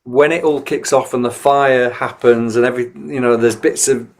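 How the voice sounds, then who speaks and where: A man's voice: mid-range voice, steady tone, moderate pace. A man in his fifties with a northern English accent, an actor recalling an old television role in a casual interview, reflective and self-deprecating. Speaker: actor and musician, interview guest.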